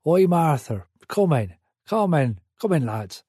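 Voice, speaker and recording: A man's voice: a little high, big pitch swings, a little slow, dark tone, husky, no room sound, clean studio sound, heavily acted. A man doing a meek Suffolk farmer. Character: meek little mustached farmer, rural accent.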